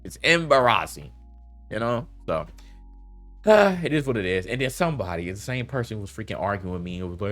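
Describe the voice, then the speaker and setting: A man's voice: fairly low pitch, normal speed, soft background music. Laughing slangy man ranting casually. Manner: animated, laughing, loose slangy rant. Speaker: commentary vlogger. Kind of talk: casual reaction commentary.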